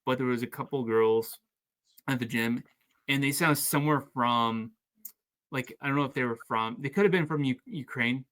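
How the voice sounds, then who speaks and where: Man telling stories on a podcast. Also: medium pitch. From Canada. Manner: storytelling, animated, stumbling restarts. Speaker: podcast host. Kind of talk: casual podcast chat.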